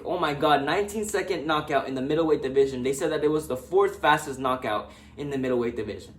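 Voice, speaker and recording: A young man casually recapping MMA fights, excitable and talking straight to the fighters. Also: on the high side, fast talker, hardly any pauses. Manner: excitable, talks directly to fighters. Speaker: MMA fan vlogger.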